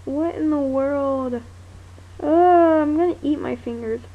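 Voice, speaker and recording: A sleepy young woman rambles to her webcam, her high voice turning gravelly as it trails off. She drawls slowly through giggly nonsense. The sound is tinny and lo-fi with a faint hiss.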